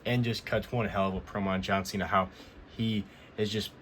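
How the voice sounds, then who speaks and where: A man's voice: on the low side, fairly even intonation, fairly quick, a bit bright, a little hiss or hum. A man casually recapping a show as a vlog host, rambling and repeating himself as he retells what happened. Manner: rambling, repeats "he goes" often. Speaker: wrestling recap vlogger.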